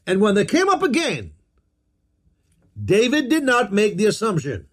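A man's voice: sits high, huge pitch swings, moderate pace. A man preaching a sermon, emphatic, repeating key phrases and telling his listeners what to underline.

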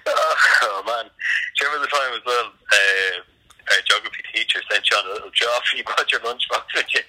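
A man's voice: fairly low pitch, brisk, bright, forceful tone, low-quality recording. A man speaking as a guest, laid-back and teasing an old schoolmate.

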